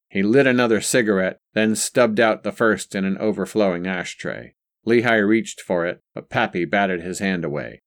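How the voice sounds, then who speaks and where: A man narrating a story in a measured, even reading voice. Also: low voice. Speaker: audiobook narrator. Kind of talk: scripted narration.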